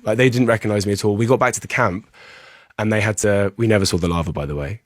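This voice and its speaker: A man's voice: fairly low pitch, big pitch swings, rapid-fire, no echo. A man guesting on a podcast, telling a long story in a casual, rambling way full of fillers and restarts. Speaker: musician guest.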